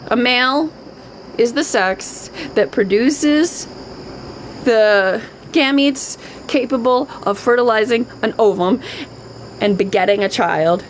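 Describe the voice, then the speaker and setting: A woman's voice: fairly high pitch, takes it slowly, a little hiss or hum, poor audio. A middle-aged woman ranting on a live stream, emphatic and repetitive, often swearing. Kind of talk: unscripted live-stream rant.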